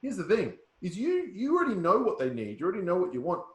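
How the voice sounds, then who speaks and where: A man's voice: high-pitched, wildly swooping pitch, fast talker. A man coaching a sales workshop in a punchy way, often checking that listeners follow. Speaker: sales trainer. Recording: roomy echo.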